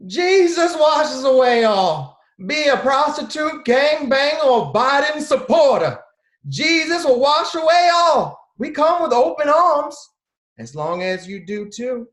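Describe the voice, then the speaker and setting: Someone playing a high preachy born-again aunt. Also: very animated, echoey room, full character voice. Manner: sermonizing, drawn-out.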